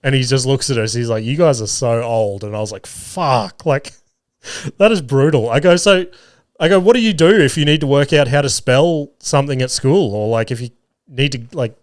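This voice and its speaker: A man's voice: mid-range voice, moderate pace, no echo, clean studio sound. A man in his thirties hosting a solo podcast, telling rambling family stories with lots of swearing and laughs. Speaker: podcast host. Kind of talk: casual solo podcast storytelling.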